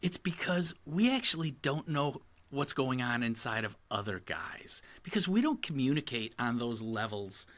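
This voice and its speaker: A man's voice: medium pitch, sing-song, normal speed, hardly any pauses, a bit bright. A man co-hosting a podcast, explaining his thoughts in a casual, reflective way. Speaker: podcast co-host. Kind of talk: casual conversation.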